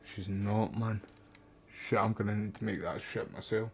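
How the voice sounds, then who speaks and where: Young Scottish male streamer, low-ish register, casual and talkative with his viewers. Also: flat delivery, normal speed, gravelly, darkish tone, slight background noise. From Scotland. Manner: chatty, addresses viewers as mate and pal. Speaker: game streamer. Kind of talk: casual live-stream chat while playing.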